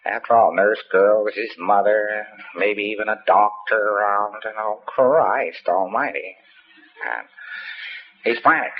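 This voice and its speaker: A man with a low voice lectures trainees in a rambling, anecdotal way. He is folksy and wry and tosses in profane asides. The recording is a muffled lo-fi tape with a light hiss. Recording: dull lo-fi tape with faint hiss.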